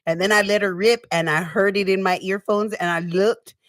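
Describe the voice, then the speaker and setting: A woman's voice: medium pitch, fairly even intonation, moderate pace, a bit bright, no echo, clean studio sound, distant mic. A woman hosting a casual livestream, talking over her topic in a slangy, easygoing way and calling her viewers y'all. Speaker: livestream host. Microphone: wearing earphones on a stream setup.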